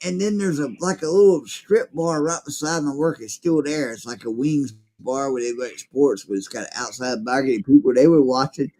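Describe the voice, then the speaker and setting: A man's voice: medium pitch, normal speed, hardly any pauses, dark tone. A man telling a rambling, profane story in casual chat, acting out what people said. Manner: rambling, profane, acts out quotes.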